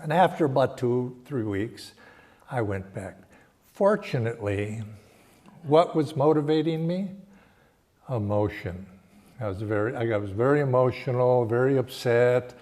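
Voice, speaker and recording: An older man giving a Sunday sermon and telling a personal story in a reflective, halting way, often restarting his phrases. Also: mid-range voice, animated. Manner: slow, reflective, halting phrasing with frequent restarts and soft laughs. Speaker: spiritual teacher giving a Sunday talk.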